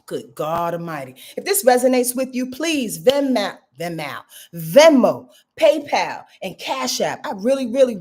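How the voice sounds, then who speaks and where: A woman's voice: fairly high pitch, a little mellow. A woman astrologer giving a live reading, emphatic and talking straight to her viewers, repeating phrases and laughing at her own jokes, with features.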